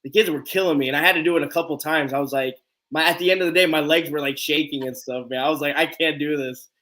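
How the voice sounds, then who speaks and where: A man's voice: on the high side, quick pace. A man hosting a live stream, telling a story with lots of energy and acting out the quotes. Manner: animated storyteller, acts out quotes. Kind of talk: casual storytelling chat.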